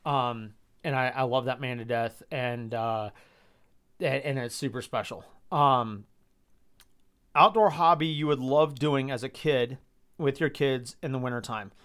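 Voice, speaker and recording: Man, thirties, from Georgia, live stream host, reflective, hesitant, average pitch. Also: a little slow, fairly bright tone, clear, resonant tone. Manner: reflective, hesitant with many ums, gets emotional.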